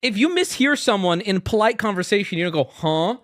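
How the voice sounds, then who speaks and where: A man streaming, riffing in casual commentary with crude jokes, lurching between loud rants and low mutters. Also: lively intonation, fast talker, dry recording, clean studio sound.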